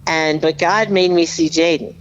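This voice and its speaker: A woman's voice: deep voice, steady tone, moderate pace, dull audio. A woman guest on a podcast, earnestly telling a personal story with emphatic repeats. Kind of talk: heartfelt storytelling, casual chat.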